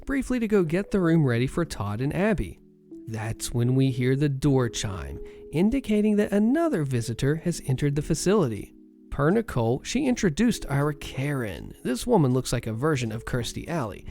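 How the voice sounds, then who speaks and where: Gravelly man narrating stories. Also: fairly high pitch, a little mellow. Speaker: story narrator. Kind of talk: reading online stories aloud.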